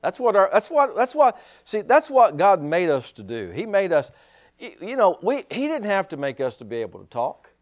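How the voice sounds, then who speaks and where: A male pastor preaching a sermon in an animated way, full of rhetorical questions and chuckling asides. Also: high-pitched, moderate pace.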